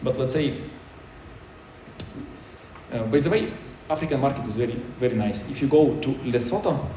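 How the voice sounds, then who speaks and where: Speaking at normal speed in a mellow, mid-range voice, a man delivers a conference talk in choppy, non-native English, restarting often. The echoey conference hall is recorded from a distant mic, with a little hiss or hum.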